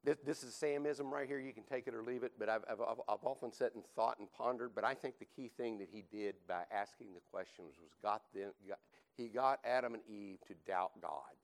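A man's voice: lowish voice, fairly quick, rough recording. A man teaching a Bible class, emphatic and repeating his points, often checking in with a rhetorical "right?". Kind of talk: teaching sermon.

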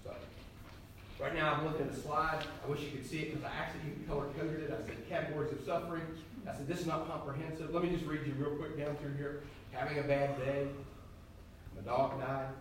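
A man's voice: on the high side, level tone, fast talker, slight background noise. An older man preaching a sermon in a conversational, emphatic way, with sudden rising bursts. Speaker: pastor. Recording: very echoey hall, heard from a distance.

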